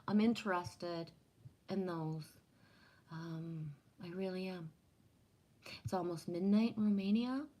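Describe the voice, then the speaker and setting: A woman from Canada with a slightly low voice, talking loosely and profanely to her livestream chat. She rambles from story to story and answers comments as she goes. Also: slow pace, pauses often, mellow, poor audio. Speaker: livestream host.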